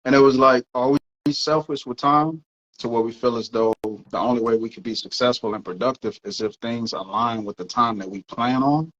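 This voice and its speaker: A man's voice: medium pitch, moderate pace, a bit bright, dull audio. A man co-hosting a podcast, talking in a casual, thoughtful way and often checking in with his listener. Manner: thoughtful, checks in with "you know what I'm saying". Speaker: podcast co-host. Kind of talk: casual reflective talk.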